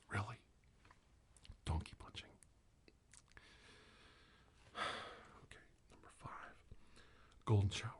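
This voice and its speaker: Low mellow guy doing a jokey whispered role-play, mock-soothing, faint hiss behind. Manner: mock-soothing, teasing, mixes soft talk and whispers. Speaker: ASMR parody host.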